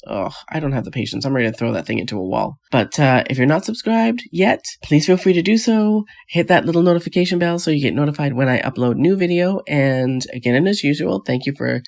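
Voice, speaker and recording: A woman's voice: sits low, animated, a little fast, gravelly, darkish tone. A woman hosting a casual vlog. She rants with exasperated, scoffing rhetorical questions and rambles with frequent restarts. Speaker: vlog host. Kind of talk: casual reality TV recap commentary.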